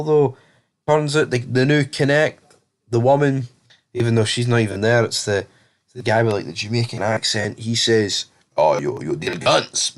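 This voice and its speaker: A man recapping a TV episode in a rambling, blunt, opinionated way. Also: mid-range voice. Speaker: TV show reviewer.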